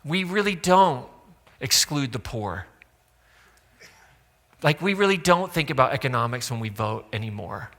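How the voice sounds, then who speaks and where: A man's voice: mid-range voice, expressive, measured pace, pauses often, sharp tone. A pastor preaching a sermon in a church, conversational and sarcastic, acting out quotes from the stories he tells. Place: church auditorium. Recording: long hall reverb.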